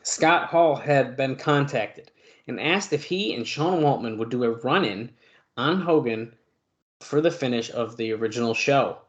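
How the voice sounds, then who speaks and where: A man's voice: mid-range voice, expressive, a little slow, highs cut off. A man co-hosting a podcast, reading news aloud with fillers and side comments. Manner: reads long news passages with filler and asides. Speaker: podcast co-host.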